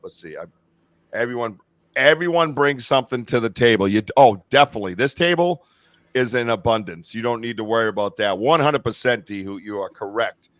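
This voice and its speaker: With a fairly low, slightly bright voice, a middle-aged host rambles through a live-stream podcast, casual, profane and enthusiastic. The remote stream call carries no echo.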